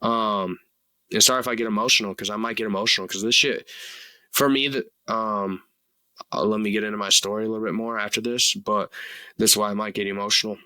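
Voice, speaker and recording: A young man in his twenties talks through a solo podcast in a loose, rambling way, leaning on fillers and dropping swear words. His tone is very bright and sharp-edged. The sound is dry and close, with no room echo. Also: lowish voice, fairly even intonation, brisk. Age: 20s. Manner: earnest and rambling, full of "like" and "you know", casual swearing. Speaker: podcast host. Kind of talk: casual solo podcast monologue.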